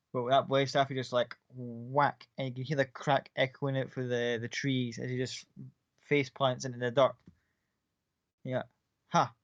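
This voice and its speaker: A man's voice: medium pitch, no room sound, lo-fi sound. A man running a tabletop game as game master, narrating scenes casually and with some swearing.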